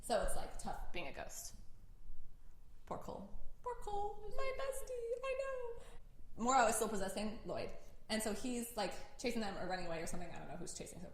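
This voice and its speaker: A young woman recapping a cartoon to a friend in casual chat, excitable and giggly, swearing casually. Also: mid-range voice, fairly quick, slight background noise. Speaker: storyteller to a friend.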